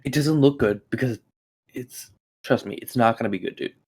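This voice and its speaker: A man's voice: medium pitch, normal speed, a little mellow, husky. A man co-hosting a casual podcast chat, throwing blunt, teasing jabs at his friend. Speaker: podcast co-host.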